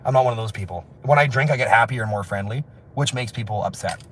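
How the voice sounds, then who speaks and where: A man rambling through a livestream while walking city streets outdoors, excitable and laughing, his voice hoarse from screaming. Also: medium pitch, quick pace, a little hiss or hum. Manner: excitable, laughing, shouting bursts.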